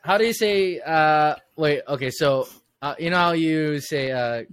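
A man's voice: on the high side, measured pace, a bit bright, clean tone, no echo. A man co-hosting a podcast in casual chat, laughing often and asking lots of eager questions. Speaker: podcast co-host.

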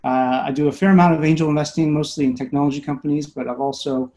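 A man with a dark, mellow voice speaks in a measured way on a video call. He introduces himself and hands the floor to the others, with fillers between his phrases. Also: on the high side, steady tone. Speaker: panel host and angel investor.

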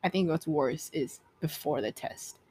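A woman's voice: low voice, darkish tone, husky. A young woman co-hosting a casual chat podcast, talking in a chatty way full of fillers. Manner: chatty, fast filler-heavy talk. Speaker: podcast co-host.

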